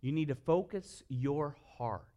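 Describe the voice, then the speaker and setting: A man preaching a sermon, his voice sitting a little higher than most men's. He tells funny stories and moves between hushed, earnest moments and loud, lively bursts. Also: a little slow. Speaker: pastor.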